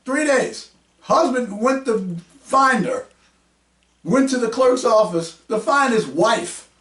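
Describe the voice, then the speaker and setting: A man hosting his own podcast, combative and mocking, raising his voice to a shout as he rants. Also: very high-pitched, lively intonation, slow pace. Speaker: podcast host. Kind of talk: heated podcast rant. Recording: roomy echo, mic at a distance.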